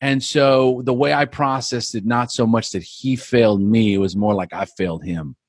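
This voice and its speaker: A man's voice: medium pitch, moderate pace, no room sound, clean studio sound. A man, a life coach, telling his personal story as a podcast guest in an earnest way, often repeating words as he builds the tale.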